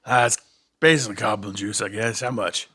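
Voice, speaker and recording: A man's voice: fairly low pitch, a little fast, sharp tone, slightly rough. A man playing a goblin in a casual tabletop role-play, talking in a drawling cowboy-like twang. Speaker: player voicing the goblin Gnarl.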